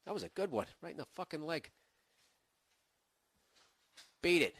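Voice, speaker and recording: A man's voice: fairly high pitch, very animated, fast, fairly bright tone, breathy edge, no room sound. A middle-aged man with a Boston accent hosting a podcast, ranting in a profane, sarcastic comedic monologue. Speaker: podcast host.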